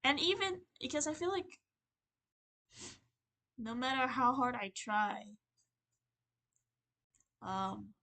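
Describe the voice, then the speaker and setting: A young woman talks casually on a livestream, her voice bright and fairly high. She rambles and halts, with many restarts, sounding earnest and emotional as she vents. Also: animated, measured pace, long pauses. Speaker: streamer.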